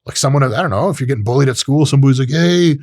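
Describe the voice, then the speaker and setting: A man's voice: mid-range voice, very fast, darkish tone, no room sound, clean studio sound. A man hosting a podcast, giving a blunt, profane casual monologue and acting out short voices. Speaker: podcast host. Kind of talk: casual monologue on self-improvement.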